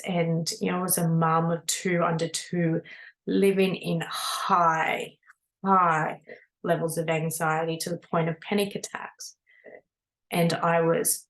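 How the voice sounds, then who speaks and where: A woman, a spiritual mentor, telling her own story in an earnest, animated way with lots of casual fillers. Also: lowish voice. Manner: earnest, animated, many "you know" fillers. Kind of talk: personal storytelling monologue. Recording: echoey room.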